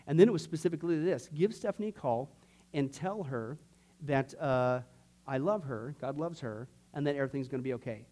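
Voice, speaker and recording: A middle-aged man, a pastor, teaching a discipleship class by telling personal stories with jokes, asides and many fillers, acting out quoted voices from loud to near whisper. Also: medium pitch, fairly quick. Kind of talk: sermon-style teaching class.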